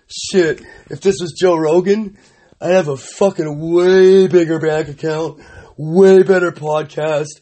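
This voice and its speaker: A man riffing alone on his comedy podcast, full of crude swearing and mock bravado. His voice sits a bit high for a man, and he drawls slowly through his rambling bits. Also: dark tone. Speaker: podcast host.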